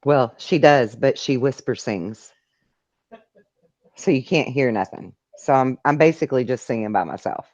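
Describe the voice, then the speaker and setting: A woman's voice: very deep voice, moderate pace, a little mellow, no room sound, muffled recording. A middle-aged woman hosting a live call-in stream, chatting casually and reading viewer messages aloud. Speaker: live call-in show host.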